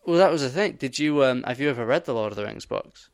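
A young man co-hosting a podcast, telling an animated story in casual chat and swearing often. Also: mid-range voice, fast. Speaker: podcast co-host.

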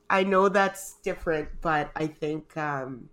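A woman's voice: sits low, slow pace, a bit bright. A woman co-hosting a podcast in casual chat, heartfelt and rambling, emotional and close to tears. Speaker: podcast co-host.

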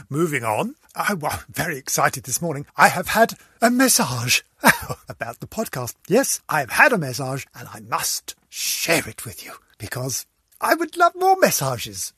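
An older man from England delivers a camp comic monologue full of theatrical teasing. His voice is fairly high and swoops a lot, with a slightly husky edge. The sound is dry and close. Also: huge pitch swings, measured pace, dry recording. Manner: theatrical, camp, teasing, swings between loud and soft. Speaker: podcast host.

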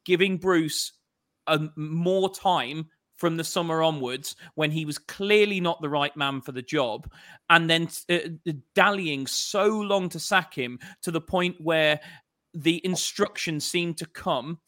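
A man's voice: a little high, measured pace, a bit bright. A man on a football podcast panel, frustrated and ranting about how his club was run. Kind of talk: casual chat.

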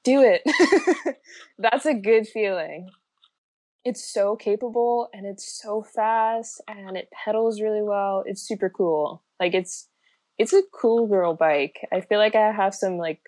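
A woman's voice: mid-range voice, measured pace, dark tone, no room sound. Laughing, chatty young woman. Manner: laughs often, lots of likes and ums. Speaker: guest. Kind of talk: casual chat.

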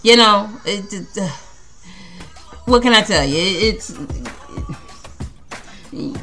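A woman's voice: mid-range voice, takes it slowly, pauses often, bright, forceful tone, soft background music. A woman hosting a casual solo podcast, rambling and stammering with frequent laughter. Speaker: podcast host.

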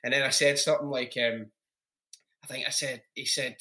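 A Scottish man hosting a podcast, telling prank stories in a casual, lively way, swearing freely. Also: medium pitch, brisk. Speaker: podcast host. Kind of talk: casual chat, storytelling.

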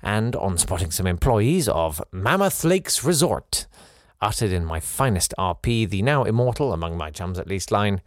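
Podcast host reading a listener's story, lively delivery with playful asides, dry close mic. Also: male voice, on the low side, moderate pace, dry recording. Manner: animated, playful asides between read passages.

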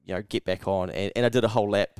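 A man's voice: on the low side, steady tone, rapid-fire, a little mellow, smooth, dry recording, clean studio sound. A young man with a New Zealand accent, co-hosting a podcast and telling a story in casual chat, swearing often and acting out his own thoughts. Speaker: podcast co-host.

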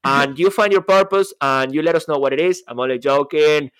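A man's voice: fairly high pitch, brisk, a bit bright, clear, resonant tone. Upbeat man co-hosting a podcast. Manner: enthusiastic, playful, bursts into song. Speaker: podcast co-host. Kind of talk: casual podcast chat.

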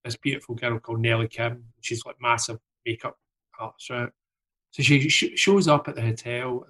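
A man's voice: medium pitch, vocal fry, a bit bright. A man telling a long anecdote in casual talk, swearing freely and tagging lines with "right?". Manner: swears freely, rambling with many "right?" tags. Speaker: guest storyteller.

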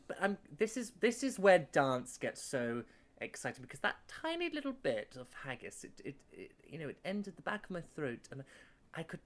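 Rambling halting man, mock-earnest. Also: fairly high pitch, wildly swooping pitch. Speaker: co-host. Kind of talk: deadpan comedy review chat.

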